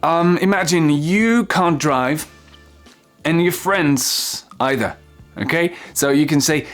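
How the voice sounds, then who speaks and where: A man teaching English pronunciation to French speakers, whose first language is French, repeating each word slowly and with emphasis. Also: on the high side, fairly bright tone, soft background music. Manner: slow, exaggerated word-by-word modeling.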